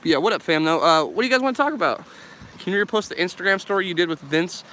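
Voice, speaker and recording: A young American man chatting casually on a live stream, reading chat questions while walking outdoors by a loud river. He swears a lot and laughs easily. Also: sits high, animated, fast. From United States. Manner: laid-back, swears often, laughs a lot. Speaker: vlogger answering live chat.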